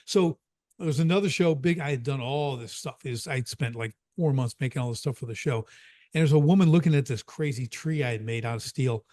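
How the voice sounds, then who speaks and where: Speaking in a mid-range, slightly fast and slightly mellow voice, a middle-aged business coach from the Chicago area, USA, has a casual podcast conversation. He emphatically tells stories, repeats his key points and frequently checks in with "right?" The studio-quality audio has no echo.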